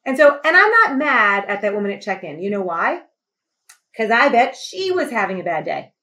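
A middle-aged woman telling a personal story as a podcast guest. She speaks with emphatic, animated passion, and her voice rises sharply when she grows indignant. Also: mid-range voice, normal speed. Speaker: podcast guest, company CEO. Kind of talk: impassioned conversational storytelling.

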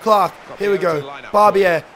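A young man with a hoarse voice, giving excitable, sweary gameplay commentary as a gaming YouTuber. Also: high-pitched, unhurried. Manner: excitable, swearing, bursts into shouts.

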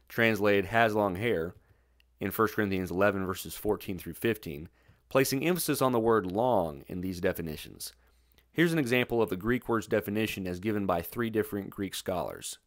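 A man narrating a scripted Bible study in a measured, methodical way. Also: on the low side, no echo, clean studio sound.

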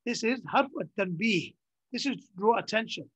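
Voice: mid-range voice, expressive, moderate pace, slightly rough, no room sound, rough recording. A teacher giving a classroom Arabic grammar lesson in English. The teacher repeats key terms and checks understanding with short questions.

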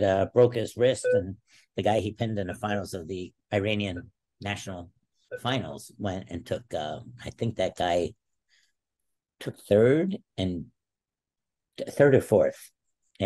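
A man in his sixties, a podcast guest, telling animated stories and acting out quotes. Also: low-pitched. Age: 60s. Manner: animated storyteller who acts out quotes. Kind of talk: casual interview storytelling.

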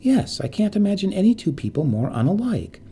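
A man voicing a gentle young woman, an earnest and fond daughter, in a storybook reading. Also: sits high, sing-song, brisk, breathy edge, pitched above the performer's own voice, heavily acted. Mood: polite.

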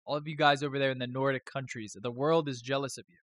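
A man's voice: medium pitch, steady tone, fast, few pauses, a bit bright. A man hosting a live stream, chatting casually in a rambling, joking way with some swearing.

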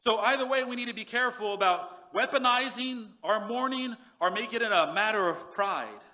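Man preaching, high voice, bright tone, earnest, repeats words, drops soft on scripture. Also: moderate pace. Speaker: pastor. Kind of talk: sermon. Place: church sanctuary.

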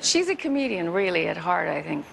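Woman, talk show guest, gravelly texture, animated anecdotal delivery, light background hiss. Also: fairly low pitch, a little fast, rough recording. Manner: chatty, animated storytelling with quoted voices. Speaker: guest musician. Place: television studio.

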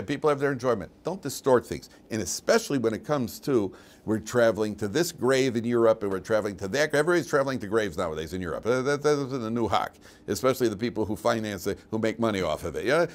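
A man's voice: mid-range voice, fast talker. An older man, a rabbi, giving an informal Torah class, digressive and full of asides, with a dry, mocking humor. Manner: animated, digressive, with restarts and asides.

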